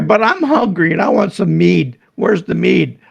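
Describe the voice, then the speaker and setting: A man playing in a tabletop game, making wry jokes in a gravelly voice. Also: high voice, animated, unhurried, muffled recording. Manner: joking, wry. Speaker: player. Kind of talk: casual chat.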